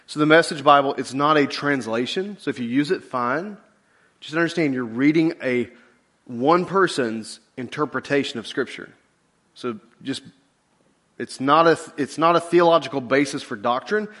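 A middle-aged man preaching a sermon as a pastor, in a relaxed conversational way with lively asides. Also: medium pitch, moderate pace.

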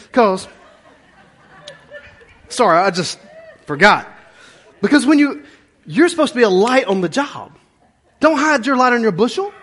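A man's voice: high-pitched, slightly rough. A middle-aged man preaching a conversational sermon as a pastor, folksy and plain-spoken, full of rhetorical questions.

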